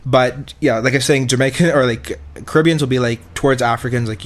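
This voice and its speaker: A man's voice: mid-range voice, steady tone, brisk, a little hiss or hum. A man co-hosting a podcast in casual chat, rambling, swearing and acting out quotes. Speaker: podcast co-host.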